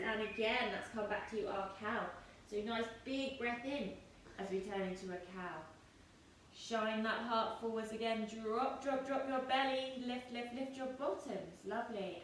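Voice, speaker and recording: A woman in her thirties teaching yoga to children, giving gentle, playful, encouraging instructions. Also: a little high. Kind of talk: guiding a kids' yoga class. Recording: echoey room, distant mic, faint noise.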